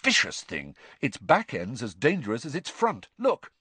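A man voicing a blunt, practical young dragon keeper who talks in a brisk, matter-of-fact and grim way, in a storybook reading. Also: medium pitch, huge pitch swings, pushed and bright, husky, dry recording, full character voice.

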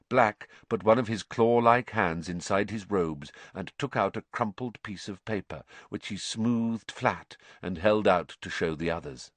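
A man narrating an audiobook in an expressive, scripted reading. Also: lowish voice, measured pace, hardly any pauses, dry recording.

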